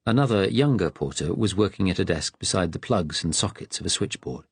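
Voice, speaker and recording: A man narrates an audiobook in steady, measured tones, his voice low and husky. He reads close to a studio mic in a dry, dead space. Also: no echo. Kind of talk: scripted narration.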